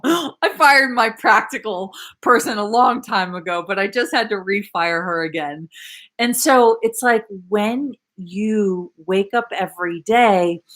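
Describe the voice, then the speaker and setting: Animated woman coaching a live audience. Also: mid-range voice. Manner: animated and emphatic, with sudden exclamations and laughs. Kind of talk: live-stream coaching talk reading viewer comments.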